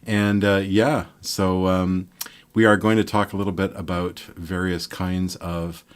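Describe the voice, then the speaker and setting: An older man from Montreal talks through a guitar lesson in a loose, rambling way. His voice sits very low, and he counts beats and hums rhythms as he explains. It sounds like a casual live stream. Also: a little slow, clean tone. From Montreal, Quebec, Canada. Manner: rambling and relaxed, counting and scatting rhythms aloud. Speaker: guitar teacher.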